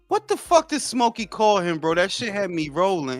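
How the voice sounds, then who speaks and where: Hyped-up guy hosting a boxing chat, high voice all over the place, cussing, rambling. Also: fairly quick, few pauses, dry recording, soft background music. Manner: excitable, profane, rambling. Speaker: podcast host. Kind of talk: casual boxing panel chat.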